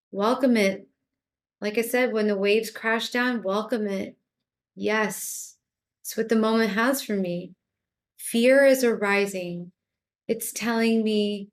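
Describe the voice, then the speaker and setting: Calm woman guiding a meditation. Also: medium pitch. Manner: calm, repetitive, gently coaxing. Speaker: spiritual teacher. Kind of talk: guided meditation talk.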